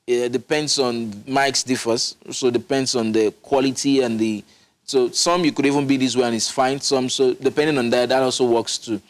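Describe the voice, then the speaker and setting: A man's voice: mid-range voice, steady tone, moderate pace. A man, a public speaking coach, explaining his methods emphatically in a studio interview, often restarting his sentences. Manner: instructive, emphatic, with frequent restarts.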